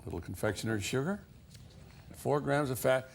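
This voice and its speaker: Lively male infomercial pitchman. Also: moderate pace, gravelly, slight background noise. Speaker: infomercial host. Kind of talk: scripted TV sales demonstration.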